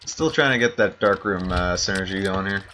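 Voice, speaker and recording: Bright-voiced rambling male gamer. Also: deep voice, normal speed, a little hiss or hum. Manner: rambling, self-correcting, chuckling asides. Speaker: gaming channel host. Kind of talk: casual let's-play commentary.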